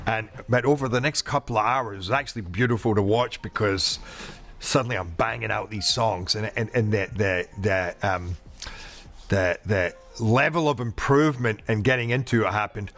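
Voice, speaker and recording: Middle-aged guy in an interview, lively rambling chat, faint music under it. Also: lowish voice, normal speed. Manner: animated, restless, jumps into playful quoted voices. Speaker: actor being interviewed.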